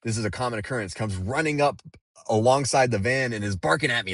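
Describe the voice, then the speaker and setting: A man's voice: mid-range voice, quick pace, a bit bright, dry recording, clean studio sound. A man telling a story to the camera in a casual, rambling way, swearing freely and using lots of fillers. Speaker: delivery driver.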